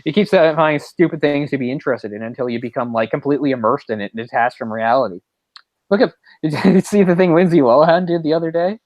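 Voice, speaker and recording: A man's voice: on the high side, fast talker, a little mellow, no echo. A man co-hosting a movie podcast, talking in a rambling, casual way with lots of fillers and restarts. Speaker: podcast co-host. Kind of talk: casual chat.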